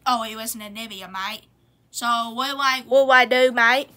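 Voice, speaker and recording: A woman's voice: a little high, moderate pace, sharp tone. A woman playing the country Australia as a character in a playful home role-play, rambling and ending nearly every sentence with "mate". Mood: chatty.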